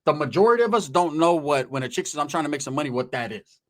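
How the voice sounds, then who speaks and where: A man spinning a long comic tale from his own life at a quick clip. His talk is slangy and profane, full of asides and check-ins with the listener. The delivery is loose and conversational, like a storyteller holding court. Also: fairly high pitch, lively intonation. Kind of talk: casual comedic anecdote.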